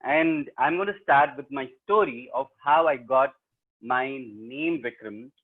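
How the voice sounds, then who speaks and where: Speaking at a measured pace in a mid-range voice, a professional storyteller with a South Indian accent spins a tale for an online audience, teasing them playfully and addressing them directly. It's an interactive webinar captured through a laptop mic, with tinny video-call sound.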